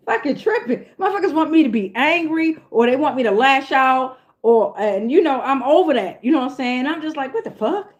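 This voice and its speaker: Woman, higher voice, tarot vlogger; loose and profane, laughs easily. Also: animated, brisk, hardly any pauses, lo-fi sound. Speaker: tarot reader. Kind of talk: casual tarot reading vlog.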